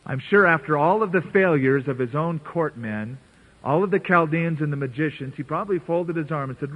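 A man's voice: fairly high pitch, fairly quick, slightly rough. A man preaching an earnest, conversational sermon, playfully voicing biblical characters as he reads. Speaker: pastor. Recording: tinny phone-like radio broadcast.

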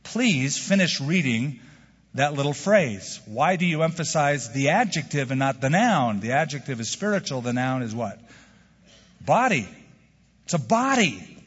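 A man preaching a sermon as a pastor, animated and asking the congregation rhetorical questions. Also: mid-range voice, moderate pace, breathy edge. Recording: dull sound with long hall reverb.

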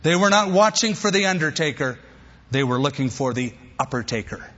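A male pastor preaches with emphatic, punchy repetition in a slightly high voice. His sermon rings out with a long reverb through a church sanctuary. The recording sounds dull and muffled, as if the highs were cut. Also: expressive, fairly quick, sharp tone. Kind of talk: sermon with closing prayer.

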